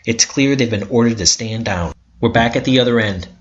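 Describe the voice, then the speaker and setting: A man's voice: medium pitch, brisk. A man giving an intense, bitter first-person narration of a story. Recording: dull lo-fi recording.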